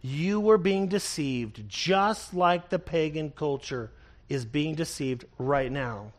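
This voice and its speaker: Male pastor, high-pitched, unhurried, earnest expository sermon delivery. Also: expressive. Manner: earnest, emphatic preaching with repeated phrases; reads scripture slowly and deliberately.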